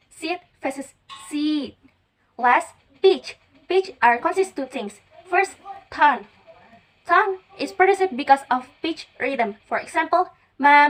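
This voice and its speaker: A young woman with an Indonesian accent, reading a prepared presentation for a class in a careful, deliberate way. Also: high-pitched, poor audio. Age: young adult. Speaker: student presenter.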